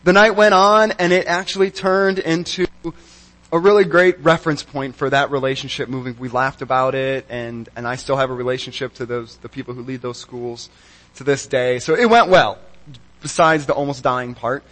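A man preaching a sermon, telling a personal story in an animated, wry and self-mocking way. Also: medium pitch, moderate pace, low-quality recording. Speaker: pastor.

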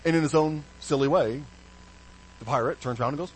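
A man preaching a sermon as pastor, animated, with hushed low stresses and sudden bright emphasis. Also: brisk, husky, poor audio.

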